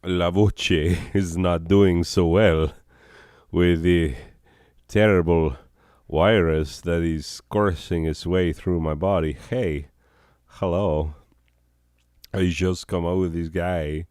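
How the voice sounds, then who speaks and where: A hoarse, sick man hosting a comedy show, rambling in a deadpan way with chuckles and coughs. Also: low voice, slow pace, long pauses, no echo, studio quality.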